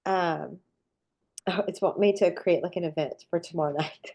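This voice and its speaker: A woman's voice: lowish voice, moderate pace, a little mellow. A woman with a nasal, stuffed-up voice from a sinus infection, hosting a live online cookie-decorating workshop in an upbeat, rambling, chatty way. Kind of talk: casual live webinar talk.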